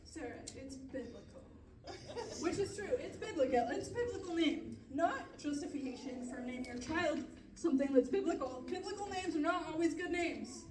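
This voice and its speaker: A woman's voice: high voice, expressive, a little fast, hardly any pauses, reverberant, far from the mic, noisy background. A young woman doing a stand-up comedy set, telling rambling, self-deprecating stories and laughing at herself along the way.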